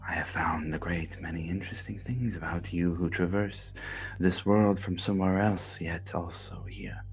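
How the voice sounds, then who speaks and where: A man voicing a sinister, cryptic god of death in a slow, menacing whisper. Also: low voice, fairly even intonation, soft background music.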